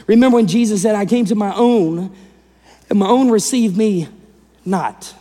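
High-voiced male pastor preaching. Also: moderate pace, long reverb tail. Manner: animated, acts out voices of the people in the story, swings between loud and hushed. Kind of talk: sermon.

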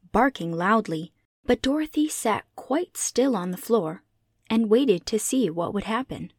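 Female narrator for a classic children's book, steady and clear, dry close recording. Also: medium pitch, dry recording. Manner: measured, clear read-aloud delivery. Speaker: audiobook reader. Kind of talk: scripted storybook narration.

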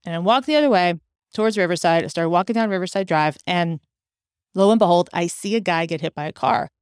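A middle-aged woman hosting a podcast, telling personal stories in casual chat with animated delivery. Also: on the low side, fast talker, clear, resonant tone, dry recording, studio quality. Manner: animated, acts out quoted dialogue. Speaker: podcast host.

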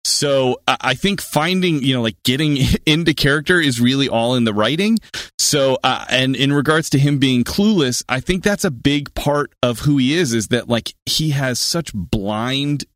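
A man being interviewed as an actor guest, talking in an animated way with frequent restarts and easy laughter. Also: medium pitch, normal speed, dry recording, clean studio sound. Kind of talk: casual interview answers.

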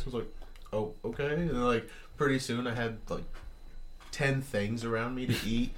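A man's voice: medium pitch, steady tone, moderate pace. A young man chatting casually, rambling with lots of fillers. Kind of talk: casual chat.

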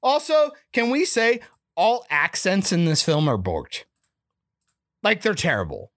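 A woman's voice: medium pitch, sing-song, unhurried, no room sound, studio quality. A woman co-hosting a podcast, ranting casually and profanely about a movie. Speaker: podcast co-host. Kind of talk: casual chat, movie review.

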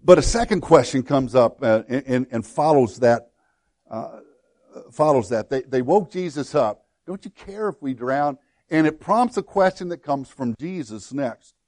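A man's voice: mid-range voice, darkish tone, no room sound. A middle-aged man preaching a sermon in an earnest, conversational way, acting out the prayers and pleas he quotes. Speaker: pastor.

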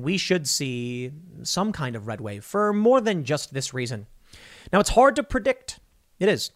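A man in his thirties hosting an online political commentary show, talking in a rapid, combative and sardonic way. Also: a little high.

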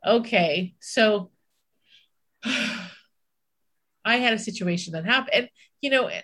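A woman's voice: mid-range voice, slow, a bit bright. A woman co-hosting a podcast, telling a personal story in casual chat, candid, swearing and acting out her own inner voice. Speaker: podcast co-host.

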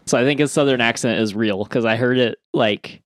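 A man's voice: mid-range voice, brisk, no echo. A man co-hosting a podcast, chatting about a movie and adding asides to his co-host's story. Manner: chatty, laughs along, adds asides. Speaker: podcast co-host. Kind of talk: casual movie chat.

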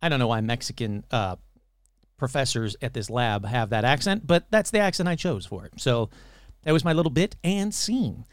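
Male podcast host, sarcastic, swears, very lively pitch, dry close sound. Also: normal speed, clean tone, dry recording. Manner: sarcastic, puts on mocking voices; swears casually. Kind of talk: casual chat.

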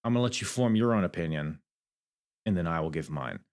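A man's voice: sits low, animated, brisk. A man hosting a podcast, rambling candidly through a casual review and swearing freely. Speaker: podcast host.

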